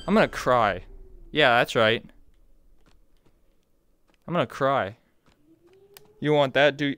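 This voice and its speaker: A woman's voice: very deep voice, big pitch swings, slow pace, long pauses, no room sound. A woman giving profane, reactive commentary as she plays a video game, exclaiming and shrieking at jump scares. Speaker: video game let's player.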